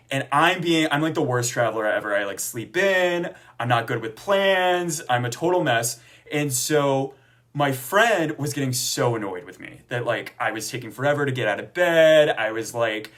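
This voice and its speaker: A young man in a chatty vlog, speaking at a middle pitch for a man. He talks in a loose, conversational way, full of fillers and asides. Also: fairly bright tone. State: tearful near the end. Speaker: author promoting his book. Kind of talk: casual personal storytelling to camera.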